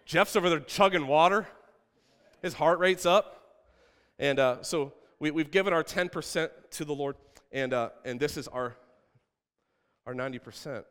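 A man's voice: fairly high pitch, normal speed, pauses often, a bit bright, clear, resonant tone, in a large hall. A man preaching a playful sermon from a church stage, asking the congregation questions. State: out of breath. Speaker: pastor. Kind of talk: sermon with props.

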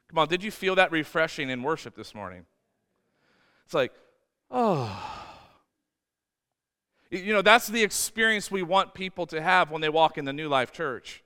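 High bright-voiced guy preaching, punchy and repeats himself, big church reverb. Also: animated, moderate pace, clean tone. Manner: emphatic, repeats words, acts out voices in quotes. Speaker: pastor. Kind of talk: sermon.

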